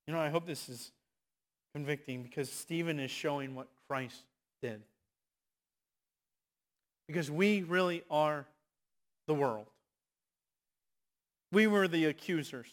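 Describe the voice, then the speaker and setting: A man preaching a sermon, moving between loud, impassioned exhortation and hushed, quiet asides. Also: on the high side, unhurried, long pauses.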